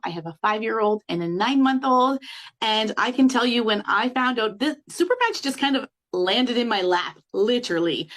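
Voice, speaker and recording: A woman's voice: mid-range voice, a bit bright, rough recording. A woman in her thirties, a school teacher and busy mom, telling her personal story in a chatty way. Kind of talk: personal testimonial.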